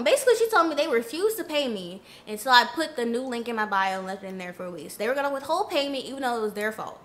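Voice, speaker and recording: A young woman telling a storytime vlog, ranting in an animated, indignant way. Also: a little high, fast talker, hardly any pauses. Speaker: influencer vlogger.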